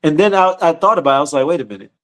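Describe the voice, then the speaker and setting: Slangy, fairly high-voiced male preacher. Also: very fast, a bit bright. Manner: conversational and slangy, often repeating words. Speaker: teacher leading a scripture study. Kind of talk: casual sermon on a livestream.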